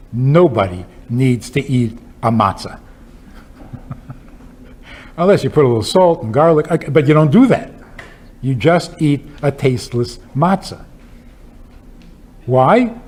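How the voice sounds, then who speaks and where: A rabbi with a slightly high, darkish-toned voice gives a lecture built on humorous stories. His pointed rhetorical questions come across as emphatic and wry.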